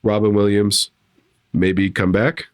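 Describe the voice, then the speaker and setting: A man's voice: lowish voice, little pitch movement, slow pace. A man co-hosting a podcast, chatting casually and acting out jokey bits in silly voices. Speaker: podcast co-host. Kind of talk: casual chat.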